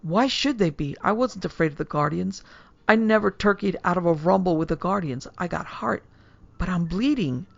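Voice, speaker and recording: A woman's voice: fairly low pitch, expressive, moderate pace, creaky, lo-fi sound. A woman voicing a young man from a street gang, bleeding out and pleading in a strained voice, in a horror story reading. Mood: defiant. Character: young male gang member, stabbed and desperate.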